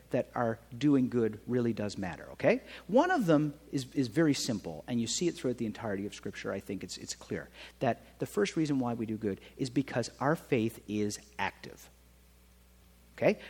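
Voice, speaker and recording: A man preaching a sermon in a conversational way, often checking in with his listeners with a quick "right?". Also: mid-range voice, animated, a little mellow, slightly rough, long reverb tail. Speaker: pastor.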